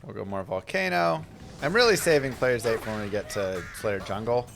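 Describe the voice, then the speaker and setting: A man's voice: lowish voice, expressive, normal speed, creaky, a bit bright, slight background noise. A man chatting casually on a live stream while playing a game, telling stories and reading chat between play. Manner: chatty, anecdotal, reads chat aloud.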